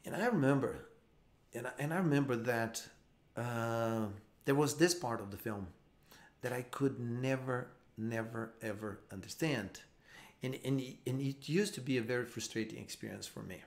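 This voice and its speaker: A man's voice: medium pitch, moderate pace, vocal fry. A man giving a live online English lesson, explaining patiently with frequent repeats and restarts. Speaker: English teacher.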